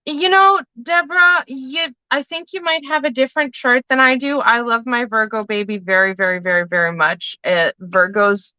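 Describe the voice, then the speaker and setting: A woman talks off the cuff on a livestream, drifting from story to story and tossing in the odd swear word. Her voice is bright and forward. The sound is dry and a little dull, like a lo-fi stream. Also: on the high side, fairly even intonation, moderate pace, few pauses, no echo. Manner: rambling, chatty storytelling with casual swearing. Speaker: livestream host and tarot reader. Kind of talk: casual live-stream chat.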